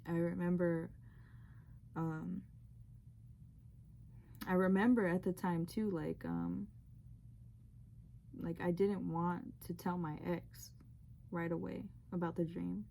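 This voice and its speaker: Mellow-voiced young woman, rambling confession. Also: fairly low pitch, fairly even intonation, slow, gravelly, pauses often, slight background noise. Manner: rambling, heavy use of "like". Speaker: vlogger sharing a testimony. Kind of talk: emotional personal storytelling.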